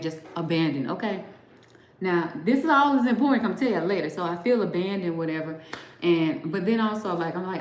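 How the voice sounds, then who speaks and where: A woman's voice: fairly low pitch, roomy sound, a little hiss or hum, rough recording. A woman hosting a live show, telling a long personal story casually, saying "like" often and acting out both sides of the dialogue. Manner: animated storyteller, heavy use of "like", acting out quoted dialogue. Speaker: host.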